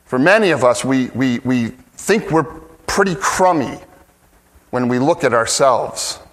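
A man's voice: mid-range voice, expressive, unhurried. A man preaching a sermon as a pastor, earnest and emphatic, often restarting his phrases.

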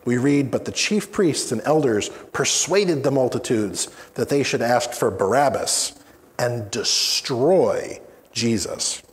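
A man preaching a sermon as pastor, slow and deliberate with dramatic pauses. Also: mid-range voice, expressive. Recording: long hall reverb.

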